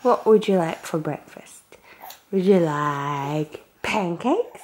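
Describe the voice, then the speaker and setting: An Australian woman chats into a handheld camera at home, talking slowly with a bouncy, wide-ranging lilt. She slips into playful sing-song baby talk with her son. Her voice sits a little low for a woman. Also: animated, darkish tone. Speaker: vlogger. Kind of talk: casual home vlog. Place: guest room at home.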